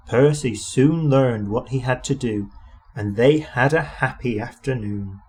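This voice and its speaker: A man reading a children's story aloud with expressive, animated narration. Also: medium pitch, unhurried, breathy edge.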